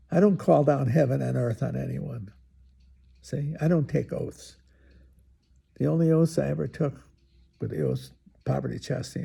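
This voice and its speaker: A man's voice: a little high, vocal fry, dark tone, breathy edge. A man in his eighties, a priest, reading scripture and giving an informal homily with folksy, chatty asides. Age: 80s.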